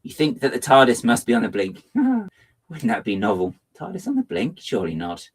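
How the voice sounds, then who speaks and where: On a livestream, a man with a husky voice chats at a moderate pace while he builds, joking playfully at his own expense. His delivery is lively, with theatrical jumps into a high pitch, in the style of casual stream banter.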